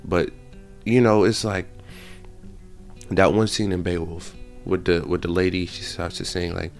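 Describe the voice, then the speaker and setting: A man casually retelling a movie scene by scene, animated, with slang and profanity. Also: deep voice, measured pace, vocal fry, soft background music. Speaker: channel host.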